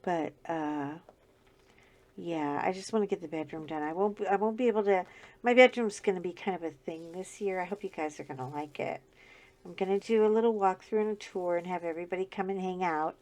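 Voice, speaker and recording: A woman's voice: on the low side, fairly quick, a little mellow. A middle-aged woman with a scratchy voice, chatting casually and laughing often as she talks through her crafting. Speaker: crafting channel host. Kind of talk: casual chat while diamond painting.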